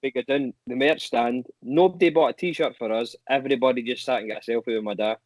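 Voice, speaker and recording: Animated man telling stories. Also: medium pitch, fast talker, no echo, poor audio. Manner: animated anecdotes, swears casually. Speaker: guest musician. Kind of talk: casual storytelling chat.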